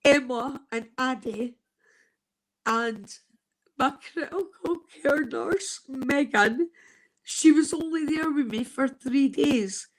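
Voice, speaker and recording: A Scottish woman from Scotland telling an emotional personal story, halting and tearful. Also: fairly high pitch, rough recording.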